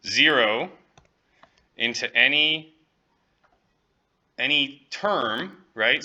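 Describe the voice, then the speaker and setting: Bright-voiced male professor lecturing. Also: medium pitch, highs cut off. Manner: works through problems step by step, checking in with students; light, joking asides. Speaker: economics professor. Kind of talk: classroom lecture.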